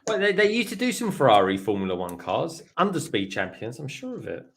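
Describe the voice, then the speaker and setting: Lively British man chatting on a livestream. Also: medium pitch, brisk, gravelly, a little hiss or hum. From United Kingdom. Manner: lively, hesitant with repeats. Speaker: livestream co-host. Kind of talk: casual chat.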